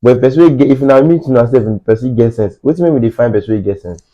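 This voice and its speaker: A man's voice: medium pitch, rapid-fire, mellow, muffled recording. A man with a Nigerian accent talking emphatically in a casual podcast chat, often slipping into Pidgin.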